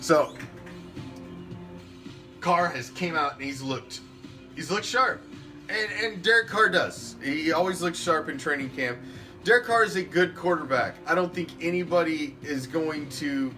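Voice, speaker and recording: A man's voice: fairly high pitch, bright, forceful tone. A man hosting a fan sports show, ranting emphatically and swearing a lot. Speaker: fan podcast host. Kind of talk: opinionated sports talk rant.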